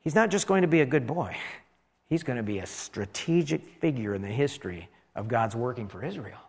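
A preacher telling a dramatic first-person sermon as an elderly priest who talks with exclamations and wry asides about himself. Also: male voice, mid-range voice, fairly quick, creaky, slightly rough, big-room sound. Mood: amazed. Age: older. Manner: animated, exclaiming, self-deprecating asides. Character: elderly male priest, amazed and rueful.

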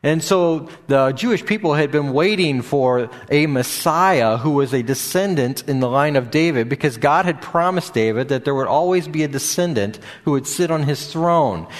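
A man's voice: fairly high pitch, expressive, normal speed, hardly any pauses. A man preaching a sermon in a loose, unscripted way, with frequent fillers and restarts. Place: church or meeting room with a screen behind him.

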